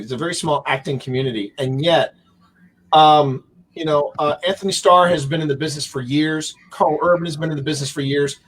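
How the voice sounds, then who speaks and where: A man's voice: a little high, slightly rough, rough recording. A man on a video call telling jokey stories as a livestream guest. He acts out the people he quotes. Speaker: guest author. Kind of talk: casual storytelling on a livestream.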